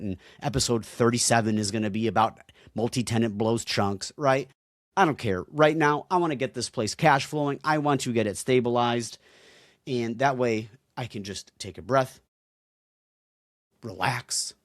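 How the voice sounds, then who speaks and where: A man's voice: mid-range voice, no room sound, clean studio sound. A young man hosting a solo podcast, talking bluntly and swearing freely, fired up as he addresses his listeners directly. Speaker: podcast host.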